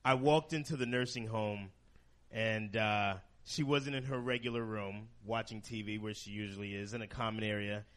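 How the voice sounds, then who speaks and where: A man performing a crude stand-up comedy set, deadpan and shocking, jumping into shrill outbursts. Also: normal speed. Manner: crude, deadpan shock humor with sudden high-pitched outbursts.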